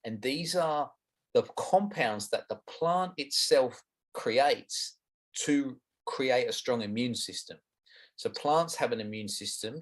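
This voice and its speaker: A middle-aged Australian man answering interview questions about gardening, frank and explanatory. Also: on the low side. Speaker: guest gardening expert.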